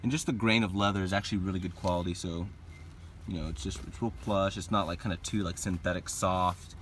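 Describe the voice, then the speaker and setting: A young car reviewer with a low-pitched, slightly fast voice gives a casual walkthrough from inside a car, showing viewers the interior. He's relaxed and chatty, leaning on fillers like "like" and "you know," with slight background noise behind him.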